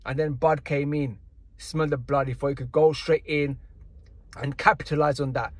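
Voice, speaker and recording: A man with a high, husky voice rants in casual boxing commentary. He sounds indignant and slangy and keeps circling back to the same points. The sound is dry and close, with no room around it. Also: steady tone, normal speed, dry recording.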